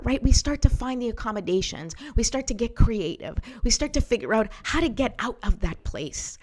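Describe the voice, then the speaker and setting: Encouraging woman giving a motivational talk. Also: a little high. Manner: encouraging, repeats "right?" to the listener. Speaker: host.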